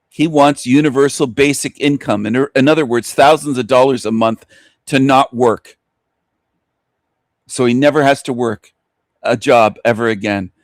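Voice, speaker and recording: A man's voice: mid-range voice, dry recording, clean studio sound. A man ranting angrily and with contempt in a profane monologue to his channel. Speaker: channel host.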